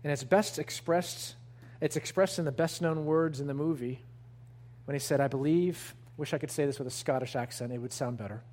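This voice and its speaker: A man's voice: a little high, fairly even intonation, a little mellow. Earnest man preaching a sermon. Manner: earnest, emphatic preaching with slow deliberate stresses. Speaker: pastor.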